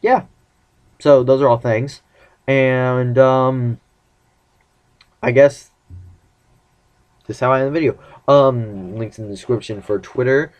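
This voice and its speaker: A man's voice: medium pitch, fairly even intonation, slow pace, pauses often, darkish tone. A teenage boy vlogging casually about his relationship, rambling and acting out the lines of the conversations he retells. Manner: rambling, acts out quoted dialogue. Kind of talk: casual personal vlog.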